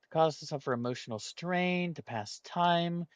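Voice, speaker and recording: A man's voice: on the high side, normal speed, clean tone, no room sound. A man thinking aloud while solving a word puzzle, hesitating and weighing each option as he goes.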